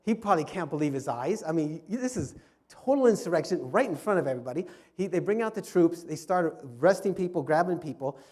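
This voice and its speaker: Man, club history talk, slightly high mellow voice, storyteller who restarts phrases. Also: expressive, fast. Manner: storytelling with frequent restarts and repetitions. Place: fellowship hall.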